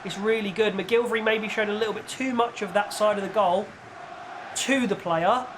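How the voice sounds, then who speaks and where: Over a noisy background, a young YouTuber whose voice sits high talks at a moderate pace through his own football game. His live commentary is casual and animated, full of exasperation and pleading cries.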